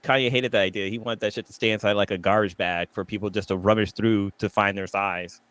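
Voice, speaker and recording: A man's voice: on the low side, steady tone, quick pace, a bit bright, no echo. A man co-hosting a casual podcast chat, rambling with lots of fillers as he explains things. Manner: rambling, filler-heavy storytelling. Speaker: podcast co-host.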